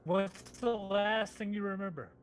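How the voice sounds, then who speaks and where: A man's voice: sits high, moderate pace. A man playing a tabletop game, earnest and asking many questions. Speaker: player. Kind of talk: casual tabletop game chat.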